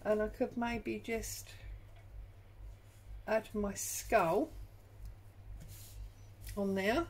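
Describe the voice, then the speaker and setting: A woman's voice: medium pitch, fairly even intonation, drawn-out words, long pauses, husky, poor audio. A woman hosting a crafting tutorial from her home craft room, chatting and thinking aloud as she works. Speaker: junk journal crafter and channel host.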